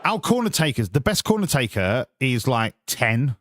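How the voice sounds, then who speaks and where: A man's voice: mid-range voice, big pitch swings, normal speed, fairly bright tone, slight background noise. A man commentating on his own football game, swearing and ranting in exasperated outbursts. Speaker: gamer playing a football management game. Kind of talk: live gameplay commentary.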